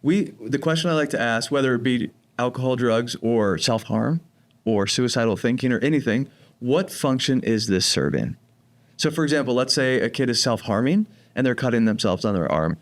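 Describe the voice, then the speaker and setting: A man from New Jersey with a light accent of his home state speaks in a podcast interview. His voice sits at an ordinary middle pitch, and he explains things calmly and patiently with a playful, joking streak. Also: moderate pace. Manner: calm, explanatory, jokey. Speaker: program director of teen residential treatment.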